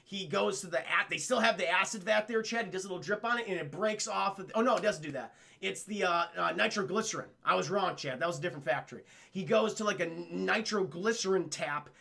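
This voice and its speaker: Bright, gravelly man in a casual recap. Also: high-pitched, quick pace, few pauses. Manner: rambling, profane, keeps addressing the chat. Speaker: livestream cartoon reviewer. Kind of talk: casual spoiler recap to a live chat.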